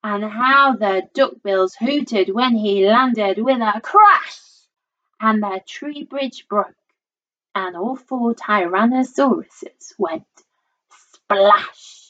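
A woman reading a rhyming storybook aloud in a lilting, rhythmic, expressive voice, on a dull lo-fi recording. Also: medium pitch, slow.

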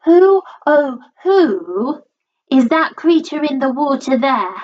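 A woman voicing a timid, gentle young male dinosaur in a storybook, high and plaintive, on a dull lo-fi recording. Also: measured pace, slightly rough. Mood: forlorn.

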